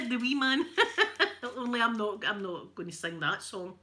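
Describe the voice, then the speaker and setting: A woman's voice: fairly high pitch, lively intonation, a little slow, pushed and bright. A Scottish woman hosting her channel, telling rambling stories in casual chat and laughing often. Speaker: channel host.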